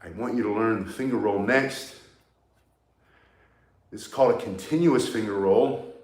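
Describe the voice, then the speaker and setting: The voice is fairly low and at normal speed, set in a reverberant space. A martial arts instructor demonstrates staff spinning, coaching step by step and panting as he moves through the drills.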